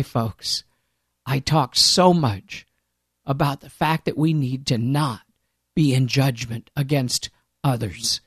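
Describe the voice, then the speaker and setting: A man's voice: on the high side, no room sound, studio quality. A man preaching a sermon in an earnest, emphatic way, with conversational asides to his listeners.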